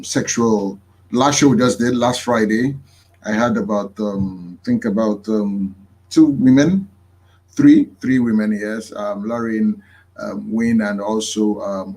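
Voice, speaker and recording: A man hosting a talk show, speaking haltingly with many fillers. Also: lowish voice, darkish tone. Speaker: host.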